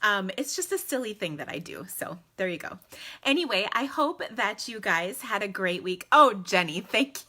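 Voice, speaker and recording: A woman in her forties hosting a casual crafting live stream from home, bubbly and chatty and quick to laugh, talking into her phone camera. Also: medium pitch, sing-song, pushed and bright. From United States. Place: at home indoors. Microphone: phone camera in selfie mode.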